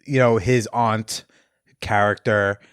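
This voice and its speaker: A man's voice: fairly low pitch, steady tone, slow, a bit bright, clear, resonant tone, no echo, clean studio sound. A man hosting a podcast, chatting casually and rambling through stories with laughs. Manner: rambling, laughs while retelling scenes. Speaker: podcast host. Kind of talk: casual chat.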